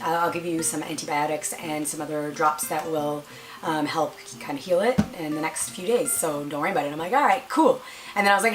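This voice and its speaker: Young female vlogger, lower voice, rapid storyteller who does the voices of everyone in the story. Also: low-quality recording. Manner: animated, acts out quoted dialogue with big pitch jumps. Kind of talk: casual storytelling vlog.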